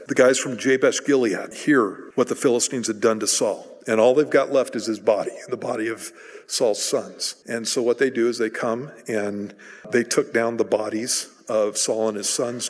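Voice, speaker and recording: A man preaching a sermon in a casual, conversational way, retelling a story and briefly acting out its voices. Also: medium pitch. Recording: hall reverb.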